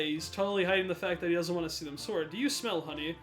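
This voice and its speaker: A young man commenting over gameplay in a high, wry voice. His jokes are sarcastic and offhand, and soft music plays behind him. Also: lively intonation, quick pace, few pauses. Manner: sarcastic and joking. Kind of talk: let's play commentary.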